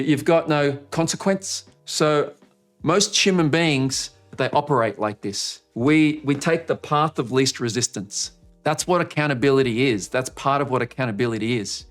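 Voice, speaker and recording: A man giving a live online coaching session to camera, talking in an energetic way with sudden jumps in pitch to make a point. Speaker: marketing coach. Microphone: speaking to camera.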